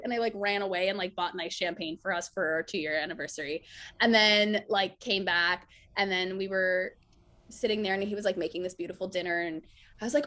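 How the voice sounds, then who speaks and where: A woman's voice: mid-range voice, fairly quick. A woman in a casual interview, telling stories animatedly, acting out quotes and saying "like" a lot. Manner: animated storyteller, acts out quotes, says "like" often. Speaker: actress guest.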